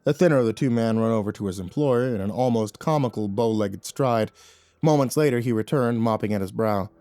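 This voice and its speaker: A man narrating a scripted horror story in a measured storytelling manner. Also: lowish voice, mellow, no echo.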